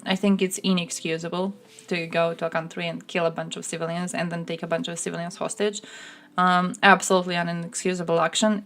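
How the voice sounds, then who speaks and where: A woman's voice: lowish voice, a bit bright. A woman streaming casual commentary, blunt and sarcastic, swearing often and mocking people in put-on voices. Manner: mocks others in put-on voices. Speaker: streamer reacting to chat.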